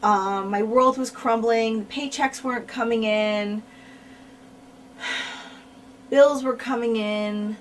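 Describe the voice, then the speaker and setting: A woman's voice: fairly high pitch, steady tone, takes it slowly, long pauses. Frank woman recounting, slightly distant mic. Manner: frank, repeats words for emphasis. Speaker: interviewee, former wrestler. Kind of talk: candid shoot interview storytelling. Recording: mic at a distance, faint noise.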